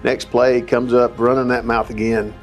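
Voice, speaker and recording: A former football lineman telling an anecdote in an animated storytelling way. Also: mid-range voice, normal speed, faint music behind.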